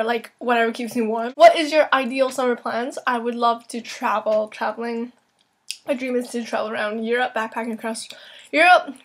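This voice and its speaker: A young woman book vlogger answering viewer questions in a chatty, quick way, full of "like" and "um". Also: fairly high pitch. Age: young adult. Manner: chatty, quick, with frequent "like" and "um" fillers. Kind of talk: casual Q&A vlog. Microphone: camera mic.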